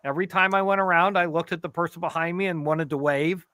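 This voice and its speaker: A man tells a funny story in a bright, slightly high voice. He sounds jokey and animated. The sound is close and dry. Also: fast, dry recording. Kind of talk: casual storytelling chat.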